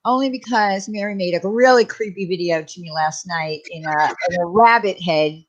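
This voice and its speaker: A woman's voice: lowish voice, normal speed, muffled recording. A woman with an American country accent, hesitant and full of fillers in a casual online chat.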